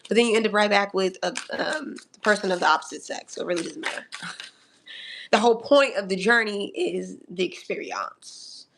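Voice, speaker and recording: Sassy live tarot reader, woman, medium pitch, animated and teasing with lots of laughs. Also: moderate pace, gravelly, slight background noise. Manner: sassy, animated, calls the audience honey and darling; laughs often between remarks. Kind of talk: live astrology tarot reading.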